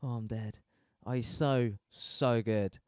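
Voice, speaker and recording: A man giving casual, excitable commentary while playing a game with friends, laughing and exclaiming often. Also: medium pitch, slow pace, clean tone, no room sound. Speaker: gaming streamer.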